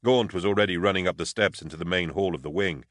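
A man reads an audiobook in a steady, even storytelling manner. His voice sits low and is recorded on a close, dry studio mic. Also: fast, no room sound. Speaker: audiobook narrator. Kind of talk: scripted audiobook narration.

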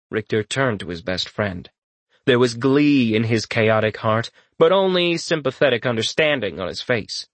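Expressive male audiobook narrator. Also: medium pitch, normal speed, no room sound. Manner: expressive, storytelling.

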